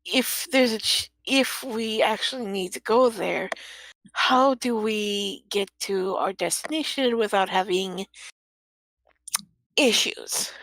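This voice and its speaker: A woman playing a tabletop game, asking measured questions in character. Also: mid-range voice, a bit bright, no echo, low-quality recording. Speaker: player. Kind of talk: tabletop role-play.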